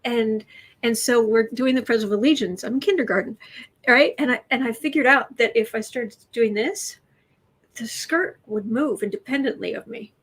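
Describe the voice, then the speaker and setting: A woman's voice: on the high side, moderate pace, fairly bright tone, slightly rough. Chatty woman hosting a tarot stream. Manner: chatty, reads out viewer comments, tells anecdotes. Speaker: tarot reader and livestream host. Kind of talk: casual livestream chat.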